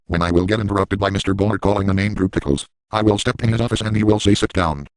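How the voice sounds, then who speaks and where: A crude, manic grown man rattles off his boasts at a breakneck clip in a lowish voice, as a man acts him out. The delivery is gleeful yet deadpan. The sound is close and dry, with no room around it. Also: fast talker, no room sound, close to an everyday voice, poor audio. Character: crude, manic adult man boasting about outrageous deeds. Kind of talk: crude first-person parody narration.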